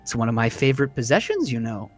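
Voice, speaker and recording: Chipper sing-songy fancy stranger guy, dm putting him on, soft and polite, swoops around a lot. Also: mid-range voice, big pitch swings, fast, slightly rough, faint music behind, pitched below the performer's own voice. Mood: proud.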